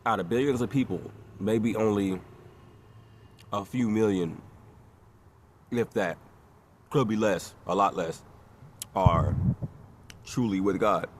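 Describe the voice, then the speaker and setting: A man's voice: fairly low pitch, a little hiss or hum. A man with a stuffy nose delivering a preachy, rambling monologue that keeps building in urgency. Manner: preachy, rambling, grows louder and more urgent. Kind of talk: impassioned monologue.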